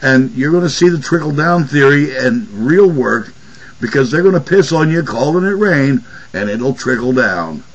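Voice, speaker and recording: A man's voice: mid-range voice, animated, normal speed, slightly rough, highs cut off. A man hosting his own political commentary video, ranting angrily with profane sarcasm. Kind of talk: angry political rant.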